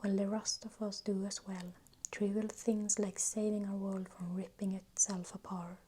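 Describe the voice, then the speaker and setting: A woman whispering as a gruff scarred orc brute, whispered role-play. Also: medium pitch, flat delivery, unhurried, warm tone, slight background noise, close to an everyday voice. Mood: bitter. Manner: harsh, scolding. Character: massive battle-scarred male orc, blunt and gruff.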